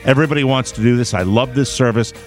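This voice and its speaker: A man's voice: medium pitch, fast talker, faint music behind. A man hosting a talk radio show, bantering jokingly with his co-host and reading ads in a wry, self-deprecating manner. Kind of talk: casual talk radio banter and live ad read.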